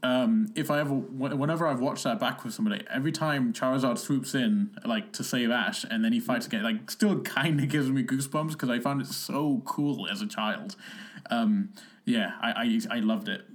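A young man in his twenties chats on a podcast, meandering through his thoughts with plenty of ums and easy laughter. His pitch sits at an ordinary middle level for a man. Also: normal speed. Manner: rambling, laughs often, many fillers. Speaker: podcast co-host. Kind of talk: casual chat.

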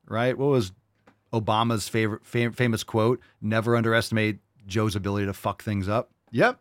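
A man's voice: fairly low pitch, flat delivery, brisk, no room sound, clean studio sound. A male podcast host ranting in a casual, profane, emphatic way. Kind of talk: casual opinion rant.

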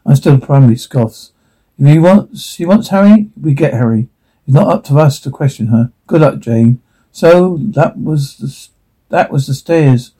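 A man's voice: medium pitch, a little slow, warm tone, breathy edge. A man reading a TV episode transcript aloud, voicing every part in a plain read and speaking the stage directions, stumbling now and then over words. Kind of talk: reading a script aloud, all parts.

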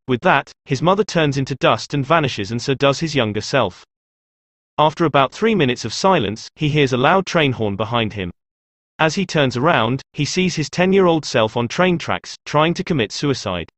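A man narrating a dark, emotional story in a slow, intense way. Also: medium pitch, expressive, dry recording. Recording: dry close voice over faint music.

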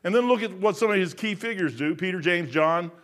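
A man's voice: high voice, brisk, a bit bright. A man in his sixties preaching a sermon in an emphatic, folksy, repetitive way. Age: 60s. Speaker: pastor.

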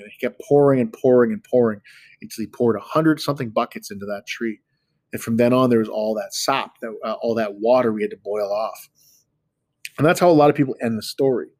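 Relaxed, chatty male podcast host. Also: medium pitch, quick pace, dry recording. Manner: relaxed, chatty, self-deprecating. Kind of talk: casual storytelling talk.

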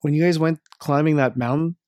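A man hosting a podcast, relaxed and chatty, prompting his guest with follow-up questions. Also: on the high side, brisk. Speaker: podcast host. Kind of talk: casual interview chat.

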